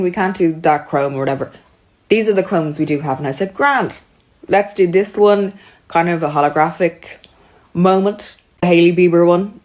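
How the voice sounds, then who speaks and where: A woman's voice: lowish voice, darkish tone. A young woman telling a chatty, exasperated storytime, acting out both sides of every exchange. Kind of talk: storytime monologue.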